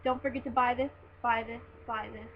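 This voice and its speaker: A young woman in a casual book review vlog, talking in a gushing, excitable fan manner with lots of "like"s and restarts. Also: fairly high pitch, fairly quick. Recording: dull lo-fi webcam sound with faint hiss.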